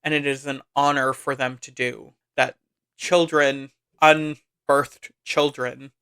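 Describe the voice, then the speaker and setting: A man's voice: medium pitch, little pitch movement, slow, sharp tone, clear, resonant tone. A man hosting a podcast, chattily recapping a film with lots of asides and "like.". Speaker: podcast host.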